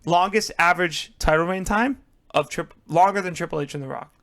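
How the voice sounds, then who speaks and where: A man's voice: sits high, brisk, a bit bright. A man co-hosting a podcast, boasting and joking, laughing as he talks in casual chat. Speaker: podcast co-host.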